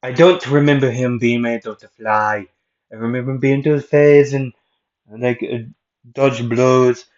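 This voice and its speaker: A man's voice: mid-range voice, steady tone, moderate pace, a little mellow, lo-fi sound, close to an everyday voice. A man voicing a confused, long-lived male warrior with a put-on thick foreign accent, rambling and bewildered. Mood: baffled.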